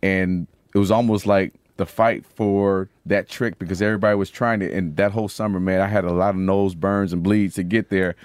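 A man's voice: low voice, little pitch movement, a little fast, hardly any pauses, a little mellow, no room sound, clean studio sound. A man, a basketball player guest telling stories in an easygoing way. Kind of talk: casual interview.

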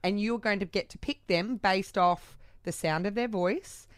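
A woman's voice: medium pitch, unhurried, no room sound, studio quality. A woman, co-hosting a radio show in an upbeat, chatty way. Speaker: radio co-host. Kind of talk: radio chat. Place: radio studio.

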